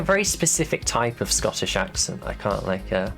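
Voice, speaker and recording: A man hosting a casual streamed interview, hesitant and filling pauses with frequent ums. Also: fairly low pitch, big pitch swings, creaky, a bit bright, faint music behind. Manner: hesitant, full of ums and trailing phrases.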